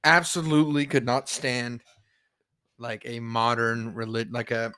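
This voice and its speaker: A man's voice: medium pitch, level tone, a little slow, bright, forceful tone, smooth. A young man co-hosting a casual podcast, playful and teasing in banter. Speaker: podcast co-host.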